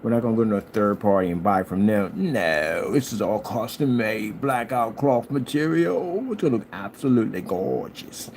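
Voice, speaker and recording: A man hosting his own channel, talking in a casual rambling monologue and jumping up high when he quotes people. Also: moderate pace, hardly any pauses, slight background noise. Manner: animated storyteller, jumps high for quoted lines; scolding, talks straight to a critic. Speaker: channel host.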